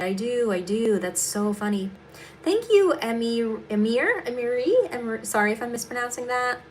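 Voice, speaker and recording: A woman's voice: mid-range voice, a little hiss or hum. A young adult woman comedian hosting a casual livestream, answering viewers bluntly and sarcastically, with plenty of swearing, while she does her makeup.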